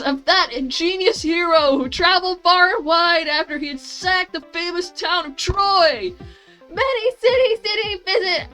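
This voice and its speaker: A woman acts out a theatrical high school girl performing an epic poem on stage. The voice sits high and bright, and she leans hard into every grand phrase. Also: full character voice. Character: dramatic teen girl declaiming in a school play.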